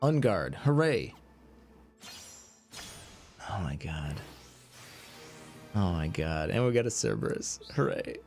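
An excitable male game streamer talking through his card pulls, his pitch leaping up and dropping all over the place. He jokes at his own bad luck and sometimes drops to a low mutter. Faint music plays under his voice. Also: takes it slowly, vocal fry, pauses often. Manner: excitable, self-mocking, swings between hype and deflated mumbling. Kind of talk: live-stream commentary on gacha pulls.

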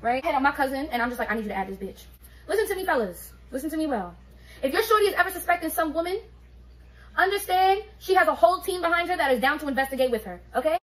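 A woman, telling a story on her vlog in an animated, profane, streetwise way. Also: high voice, fast talker, low-quality recording. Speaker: beauty vlogger.

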